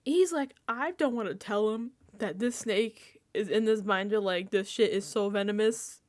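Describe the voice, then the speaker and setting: A young woman chatting casually on a reality-TV recap vlog, animated and laughing, acting out quotes and swearing freely. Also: medium pitch, moderate pace. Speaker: recap vlogger. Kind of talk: casual reality-TV reaction chat.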